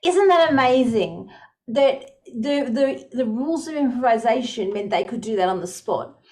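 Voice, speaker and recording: A woman's voice: fairly high pitch, lively intonation, moderate pace, a little mellow. Enthusiastic woman giving a music lecture. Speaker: music educator presenting. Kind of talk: lecture presentation.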